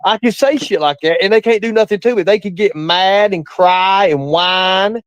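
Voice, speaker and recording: A man's voice: sits high, normal speed, clear, resonant tone, dry recording, poor audio. A man, calling into a live stream and ranting bluntly and defensively with plenty of cursing. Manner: blunt, profane, defensive, repeats himself for emphasis. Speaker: guest caller on a live stream. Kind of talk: ranting casual chat.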